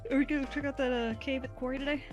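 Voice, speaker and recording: A woman co-hosting a casual game stream, animated and prone to giggles. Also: high-pitched, racing, soft background music. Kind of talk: casual let's-play chat.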